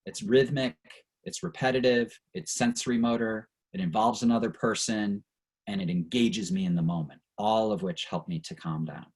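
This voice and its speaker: A man's voice: fairly low pitch, moderate pace, darkish tone, husky, rough recording. A middle-aged man leading an online training session over a video call, earnest and reflective, and openly emotional at times.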